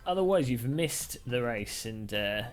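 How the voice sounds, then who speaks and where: A man's voice: mid-range voice, lively intonation, measured pace. A man hosting a live stream, chatting casually in a jokey, rambling, self-deprecating way. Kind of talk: casual live-stream chat while sim racing.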